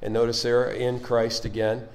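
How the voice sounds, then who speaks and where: A man teaching a Bible study with fervent preaching, exclaiming hallelujah and amen, swinging between loud passages and quiet explaining. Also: medium pitch, little pitch movement, normal speed, creaky, roomy sound, poor audio.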